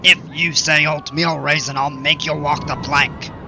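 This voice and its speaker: A man doing a silly, loud pirate voice with growly bluster. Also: fairly high pitch, flat delivery, measured pace, slight background noise, heavily acted. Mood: blustery.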